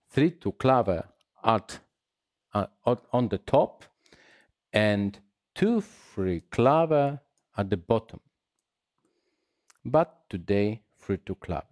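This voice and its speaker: A man teaching salsa rhythm, counting beats and scatting the patterns aloud in halting English. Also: fairly low pitch, a little mellow, no room sound, clean studio sound. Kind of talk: dance lesson explaining rhythm.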